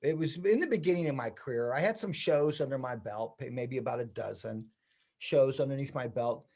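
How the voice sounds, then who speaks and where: A man in his sixties, a hairdressing educator, telling stories in a casual interview and acting out the quoted dialogue with lively energy. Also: medium pitch, fairly quick. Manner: animated, acts out quoted dialogue.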